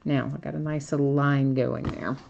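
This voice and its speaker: A woman's voice: extremely low pitch, fairly even intonation, normal speed, vocal fry, a little mellow, lo-fi sound, a little hiss or hum. A woman hosting a live card break, chatting casually as she opens packs and reads out each card.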